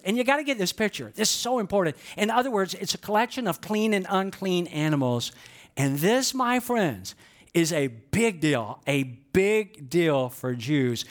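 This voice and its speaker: A male pastor preaching a sermon, animated and storytelling, asking the congregation to respond along with him. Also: high voice.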